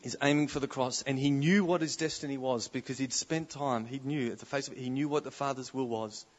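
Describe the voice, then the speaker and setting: A man preaching at a conference, animated, shifting from quiet storytelling to loud declarations. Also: medium pitch, a little fast. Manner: animated, swings from soft to loud exclamations. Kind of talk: conference sermon. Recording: slightly dull live recording.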